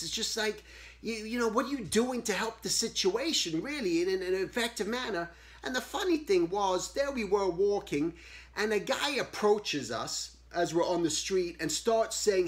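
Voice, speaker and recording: A man's voice: sits high, lively intonation, moderate pace. Earnest middle-aged man musing aloud. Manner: earnest, rambling, asks many pointed questions. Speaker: host. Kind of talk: casual monologue.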